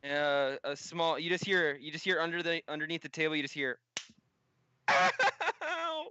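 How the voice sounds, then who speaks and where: Bright-voiced man narrating a game. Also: on the high side, steady tone, muffled recording, a little hiss or hum. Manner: halting narration with restarts. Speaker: game master.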